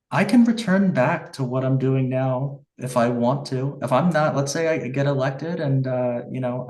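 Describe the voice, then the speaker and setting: A man's voice: mid-range voice, a little mellow, echoey room, distant mic, low-quality recording. A man running for office, answering interview questions earnestly and passionately, with frequent restarts and fillers. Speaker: write-in congressional candidate.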